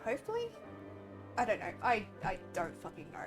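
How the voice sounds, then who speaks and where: A young woman streaming a game in casual, excitable chat, often swearing and laughing. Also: mid-range voice, brisk, over music.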